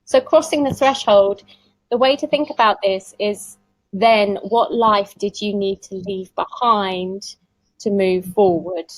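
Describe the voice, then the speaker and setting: A woman talks as an interview guest, chatty and quick to laugh. Her voice sits at an ordinary pitch for a woman. The recording is dry and close, with almost no room sound. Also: steady tone, no echo, low-quality recording. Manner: chatty storyteller who laughs often. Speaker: tarot reader, summit guest. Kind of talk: casual conversational interview.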